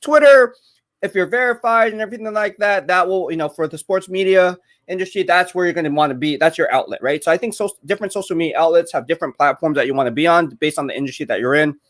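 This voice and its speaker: A man's voice: on the high side, quick pace, few pauses, a bit bright. Chatty young man live-streaming. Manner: chatty, reads viewer comments aloud, rambling. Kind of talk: casual live-stream chat while eating.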